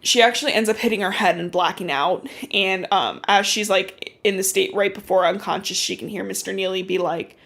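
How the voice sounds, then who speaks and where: A woman hosting a podcast, recapping a book in casual, animated storytelling full of swearing and "like"s. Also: medium pitch, brisk, creaky, hardly any pauses. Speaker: podcast host.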